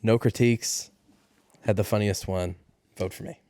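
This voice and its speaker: A man's voice: on the low side, fairly even intonation, normal speed, warm tone, dry recording. A man on a comedy podcast, jokingly pleading and promoting himself in casual chat. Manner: mock-pleading, self-promoting. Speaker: podcast co-host and player.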